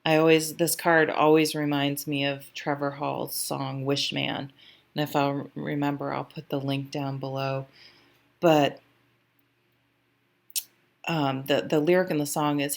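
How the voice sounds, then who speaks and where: Low-pitched woman, casual tarot reader, rambling and emotional, close mic. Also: level tone, unhurried, gravelly, pauses often. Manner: chatty, rambling, emotional, with fillers and swearing. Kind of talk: casual tarot reading monologue.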